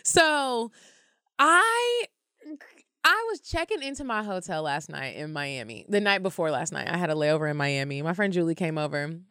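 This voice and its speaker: A young woman co-hosting a podcast, telling a story in casual chat, animated and swearing freely. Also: lowish voice, moderate pace, clean tone, no room sound, clean studio sound. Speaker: podcast co-host.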